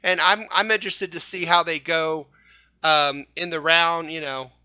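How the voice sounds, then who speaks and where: Jokey bright-voiced male podcast host. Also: a little high, steady tone, a little slow, smooth, no echo. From Indiana, USA. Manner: jokey, playful, laughs often. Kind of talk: casual fan podcast chat.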